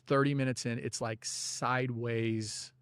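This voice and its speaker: A man's voice: mid-range voice, little pitch movement, measured pace, fairly bright tone, clear, resonant tone, dry recording. A man guest on a podcast telling a personal faith story in a loose, conversational way, full of "you know" and "like". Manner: religious, speaks of God and prayer. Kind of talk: storytelling in a casual interview.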